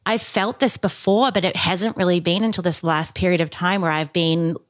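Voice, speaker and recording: A woman's voice: fairly low pitch, steady tone, moderate pace. A woman who is a guest on a podcast, telling personal stories candidly in casual chat.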